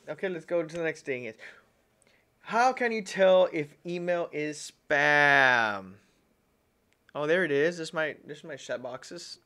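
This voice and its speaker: A man's voice: medium pitch, sharp tone. A man hosting a casual tech-tips livestream, rambling and repeating himself, often calling his viewers "guys". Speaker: livestream host.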